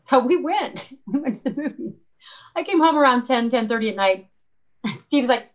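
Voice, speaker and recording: Animated woman storyteller, lo-fi sound. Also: high-pitched, measured pace, long pauses. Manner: animated storyteller, acts out her own quoted voices. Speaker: guest author. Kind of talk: conversational interview.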